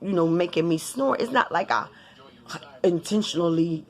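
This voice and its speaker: A woman vlogger talking casually and bluntly to her viewers, cursing often in an animated, informal way. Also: lowish voice, moderate pace. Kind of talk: casual vlog rant.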